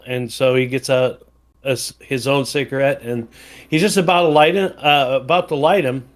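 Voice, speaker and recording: Medium pitch, fairly even intonation and normal speed mark this Wisconsin man co-hosting a podcast. His rambling story in casual conversation keeps stalling on fillers and restarting.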